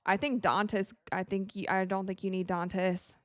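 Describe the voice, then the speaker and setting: A woman hosting a live watch-along of a basketball game, reacting excitably to plays, crying out and laughing, and thanking viewers for donations. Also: mid-range voice, normal speed, no room sound, studio quality. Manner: thanks viewers for donations and answers their questions.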